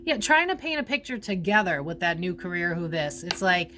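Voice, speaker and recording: A woman's voice: fairly low pitch, very animated, a little fast, pushed and bright, a little hiss or hum. A woman giving a casual psychic reading, rambling, full of fillers and casual swearing. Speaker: psychic reader.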